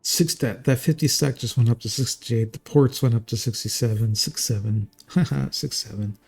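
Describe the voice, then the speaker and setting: A man's voice: mid-range voice, moderate pace, gravelly, darkish tone, breathy edge, soft background music. A man casting a strategy game live in a casual, jokey, chatty way. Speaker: game caster.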